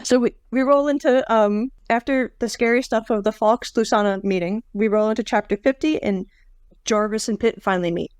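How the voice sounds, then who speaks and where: Chatty woman with a higher voice. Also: steady tone, a little mellow, clear, resonant tone, no room sound, clean studio sound. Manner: chatty, wry, quick jokes. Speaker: podcast co-host. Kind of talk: casual book-discussion chat.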